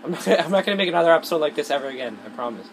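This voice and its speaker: A man's voice: a little high, lively intonation, very fast. A man giving rambling, self-conscious gameplay commentary, swearing often as he plays. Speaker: let's play gamer. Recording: noisy with game audio. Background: loud gunfire and game sounds.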